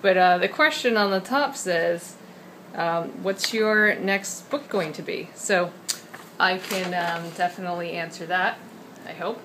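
A woman's voice: lowish voice, a little slow, noisy background. A woman children's book author talking casually to the camera, chatty and rambling, full of ums and uhs. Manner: chatty, rambling, with many fillers.

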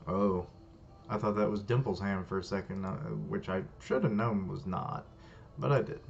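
A man's voice: fairly low pitch, moderate pace, gravelly. A man reading a comic live and reacting with casual running commentary that swears freely. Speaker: host. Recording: dull lo-fi, faint hiss.

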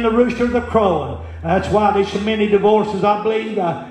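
A man's voice: high voice, moderate pace, a little mellow. A man preaching a folksy sermon, full of "uh" fillers and questions to the congregation. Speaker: evangelist preacher. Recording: very echoey church room with music behind.

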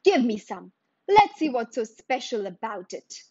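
A haughty rich nobleman, bored and quick to anger, in a dry, muffled storybook reading where a woman acts him out. His voice climbs well above her own and drags along slowly. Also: on the high side, very animated, a little mellow, breathy edge, dry recording, heavily acted.

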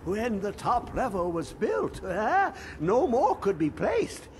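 An older, rambling, half-mad hermit scholar from a fantasy video game drawls out riddles slowly in a high voice with huge pitch swings. He shifts between grand pronouncements and hushed whispers, always cryptic, in a heavily acted performance with slight background noise.

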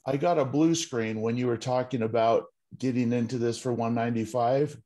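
Caller: man, mellow mid-pitched voice, short polite questions. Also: fairly even intonation, moderate pace. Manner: polite and brief. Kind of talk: call-in question.

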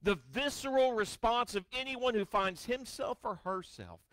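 A male pastor preaching a sermon, reading scripture dramatically with wry storytelling asides, his voice swinging from booming to hushed. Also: lively intonation, a little slow, no echo. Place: church sanctuary.

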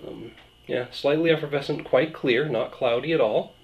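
A man hosting a beer review vlog, talking in a relaxed, rambling, self-deprecating way. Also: medium pitch, normal speed, creaky, lo-fi sound. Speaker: beer reviewer, channel host.

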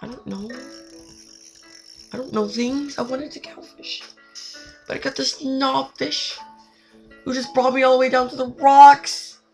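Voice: high-pitched, steady tone, unhurried, long pauses, darkish tone. A gamer giving let's play commentary, talking in a frustrated, dramatic way and scolding the fish in the game. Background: faint game music.

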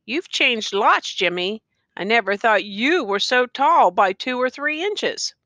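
A woman's voice: on the high side, lively intonation, unhurried, pushed and bright, no room sound, voice pushed up. Woman reading as a boastful Western man. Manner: bragging, hearty. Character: boastful man from the West, old friend waiting.

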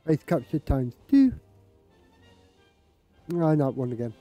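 A man's voice: a little high, sing-song, slow, dry recording, low-quality recording. A man streaming a game, chatting casually to himself and saying his accent drifts toward British. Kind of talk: casual gameplay commentary. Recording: loud game music behind.

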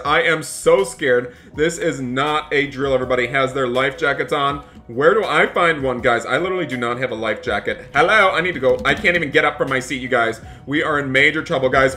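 A young man commentating a role-play game as a flight attendant, talking excitably straight to his viewers. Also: fairly high pitch, brisk, few pauses. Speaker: gaming YouTuber.

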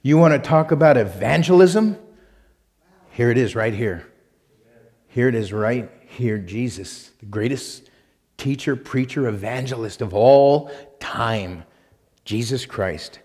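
A male pastor preaching a sermon and reading scripture aloud, emphatic, swinging between loud punched lines and quiet asides. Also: medium pitch, animated, takes it slowly, pauses often, big-room sound. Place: church sanctuary.

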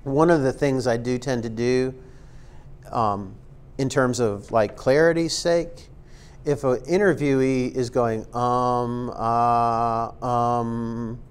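A man's voice: medium pitch, unhurried, a little mellow. A man giving a casual spoken tutorial as an instructor, rambling with lots of ums and likes and making self-aware, joking asides. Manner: rambling and filler-heavy, many ums and likes. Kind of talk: casual screen-recorded tutorial talk.

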